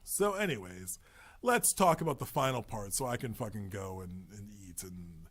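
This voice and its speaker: A man's voice: mid-range voice, very animated, moderate pace, fairly bright tone. A man hosting a podcast in a loose, rambling monologue with profane, joking asides. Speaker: podcast host.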